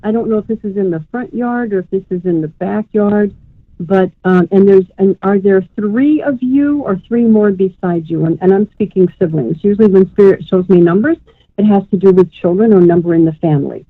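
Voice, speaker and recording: This medium talks briskly at a medium pitch during a live on-air reading for a radio caller, rambling warmly and dropping in "sweetheart." The audio is a tinny phone line without echo.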